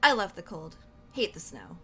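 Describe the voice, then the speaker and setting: 女性が演じるいたずらっぽく冷静な若い雌猫. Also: female voice, on the low side, sing-song, moderate pace, a bit bright, soft background music. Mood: sly. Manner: coolly teasing, mischievous. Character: sly, cool young female forest cat.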